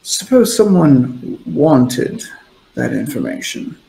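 A man voicing a scheming male lord who presses his point slowly and repeats himself. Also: a little high, big pitch swings, vocal fry, mellow, heavily acted. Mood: insistent. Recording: echoey room.

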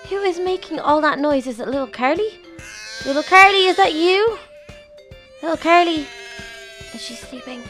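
A woman's voice: sits high, a bit bright. A woman host narrating a game role-play in a fretful manner, exclaiming often and talking to herself.

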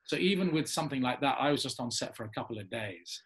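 Husky-voiced English actor telling stories. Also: male voice, mid-range voice, quick pace. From England. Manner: animated storyteller, laughs often. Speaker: actor guest. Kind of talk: casual interview anecdote.

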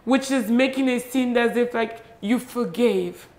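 A woman hosting a talk show interview, soft-spoken and affirming toward her guest. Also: fairly high pitch, a little slow. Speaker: host.

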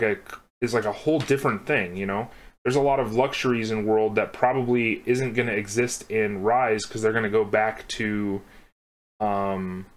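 A young man co-hosting a casual podcast, rambling and laughing as he draws, swearing now and then. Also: lowish voice. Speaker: podcast co-host. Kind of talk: casual chat while drawing.

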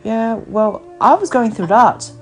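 A woman's voice: a little high, animated, unhurried, soft background music. A woman hosting a podcast, talking in a rambling, blunt casual chat over the phone and swearing freely. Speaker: podcast host.

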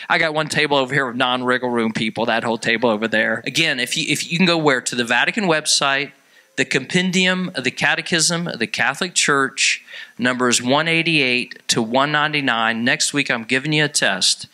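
A man from preaching to a parish crowd, animated and joking, jumping up high in pitch when he acts out quotes. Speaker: priest. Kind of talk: sermon clips with audience.

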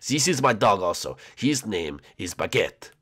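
A man voicing a pompous, boastful male turtle soldier who loves France, speaking slowly. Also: on the low side, sing-song, fairly bright tone, pitched below the performer's own voice, exaggerated voice.

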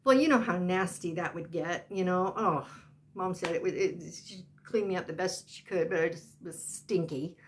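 A woman's voice: lowish voice, moderate pace. An older woman vlogging, telling a personal story in a chatty, rambling way full of asides.

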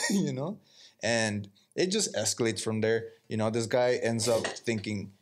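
A man's voice: fairly low pitch, measured pace. A man, a podcast co-host in casual chat, retelling a movie plot with lots of swearing and acted-out quotes. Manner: profane, animated storytelling, acts out quotes.

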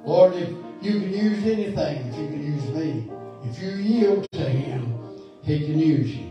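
A man's voice: a little high, animated, measured pace, muffled recording, music in the background. A man preaching a sermon as pastor, fervent and building to emphatic calls, recorded in a church sanctuary. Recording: echoey church hall, mic far off.

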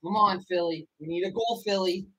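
A man streaming a live hockey watch-along, anxious and excitable, repeating the same phrases over and over. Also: sits high, brisk, slight background noise, rough recording. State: out of breath. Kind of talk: live reaction commentary.

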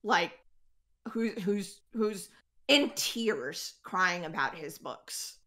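A woman's voice: fairly low pitch, animated, extremely slow, fairly bright tone. A woman narrating as game master of a tabletop game, chatty and laughing often.

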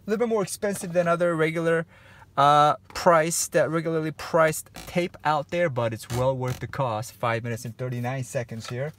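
In a home studio, a painting instructor walks through a lesson step by step, easygoing and chatty, full of fillers and repeated encouragement. His voice is on the high side and fairly bright, at normal speed, with slight background noise.

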